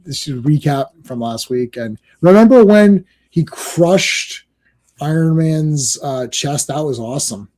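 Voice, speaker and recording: Man, podcast co-host, mellow voice, slightly high, rambling casual comic talk, laughs a lot. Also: lively intonation, a little slow. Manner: rambling, laughs often, quotes scenes in put-on voices. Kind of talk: casual comic book discussion. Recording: livestream call.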